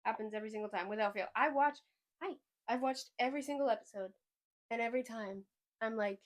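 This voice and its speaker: A woman hosting a podcast in casual chat, rambling and excitable, often trailing off mid-sentence. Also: on the high side, fast. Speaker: podcast host.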